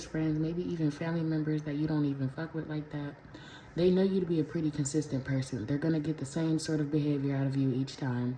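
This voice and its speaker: A woman's voice: low-pitched, warm tone. A woman doing a casual pick-a-pile tarot reading for her viewers, talking in a slangy, profane, conversational way from a room at home. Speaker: tarot reader. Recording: echoey room with clear background noise.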